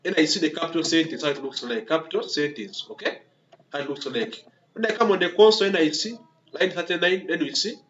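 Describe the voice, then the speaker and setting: A coding instructor with a slightly higher-than-usual, fairly bright voice talks fast through a screen-recorded tutorial, narrating each keystroke, restarting words, repeating himself, and checking in with "okay?" and "yeah?" nearly every phrase. The recording is dull and lo-fi with a faint hiss.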